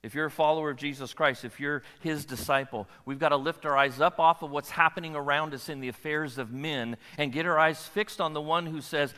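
A pastor gives an animated sermon with a bright, forceful voice pitched a little above the usual for a man. He keeps checking in with his listeners, and long reverb trails his words through the hall. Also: brisk, few pauses. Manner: animated, asks the audience questions.

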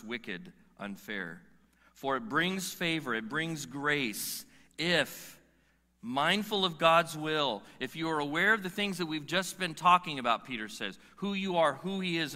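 A man's voice: fairly high pitch, bright, forceful tone. A man preaching a sermon as pastor, emphatic, firing rhetorical questions and stretching out key words. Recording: long reverb of a large hall.

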